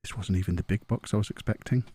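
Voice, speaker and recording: An Englishman with a lowish, husky, warm voice talks fast while casually chatting on a live stream. He jokes with people in the room and with the chat, laughing often, and the sound is close to a desk mic with no echo.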